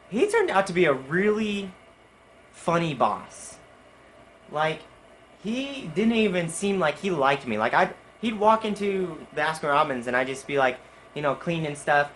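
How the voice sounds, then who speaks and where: An excitable young man racing through a story in a casual vlog. His voice sits a bit high for a man and bounces with hyper energy. Faint noise hums in the background. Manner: hyper, animated, jumpy. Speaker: vlogger.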